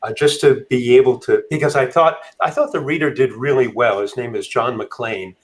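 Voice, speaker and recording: Man in a halting, thoughtful interview. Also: medium pitch, low-quality recording. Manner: thoughtful, halting with frequent fillers. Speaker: author guest. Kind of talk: casual interview talk.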